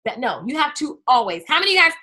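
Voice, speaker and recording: A woman hosting a business webinar, speaking in an energetic, chatty way straight to her viewers. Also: sits high, rapid-fire. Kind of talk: live webinar talk.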